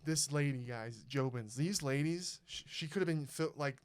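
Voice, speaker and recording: A young man tells a story on his podcast in loose, swearing chat and slips into the voices of the people he quotes. His voice sits a little high and sounds smooth and clear. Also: normal speed. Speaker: podcast host.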